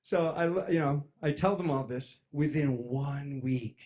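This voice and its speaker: A young man telling a personal story to an audience, acting out the voices of his friends and jumping from loud, high outbursts down to low mutters. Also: measured pace. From East Coast of the United States. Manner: lively, acts out friends' voices, jumps loud and high then drops to a mutter.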